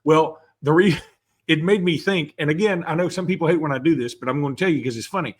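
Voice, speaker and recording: A man co-hosting a sports podcast in casual chat, animated and quick with asides. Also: on the high side. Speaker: podcast co-host.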